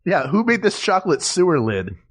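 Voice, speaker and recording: A man's voice: high-pitched, big pitch swings, a little fast, slightly rough. A man co-hosting a casual podcast, playful and rambling, chuckling through his jokes. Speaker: podcast co-host. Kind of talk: casual chat.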